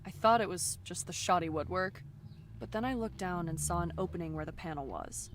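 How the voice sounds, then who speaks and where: A woman's voice: fairly low pitch, brisk, noisy background, natural voice. An actress voicing a sarcastic, teasing young woman in a video game. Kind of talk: game voice acting.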